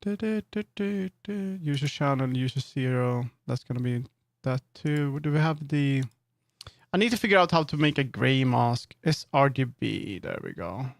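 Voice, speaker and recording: A man's voice: mid-range voice, lively intonation, normal speed, creaky, no echo. A man chatting casually on a live stream, thinking aloud and correcting himself as he works. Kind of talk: casual live-stream chat while working.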